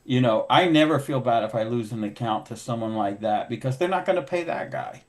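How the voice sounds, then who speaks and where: A middle-aged man at a mid pitch swaps shop stories on a podcast. He acts out the other people in his stories, shifting his delivery as he quotes them. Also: fairly quick. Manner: animated storyteller acting out dialogue. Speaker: podcast host, window cleaner. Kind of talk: casual storytelling chat.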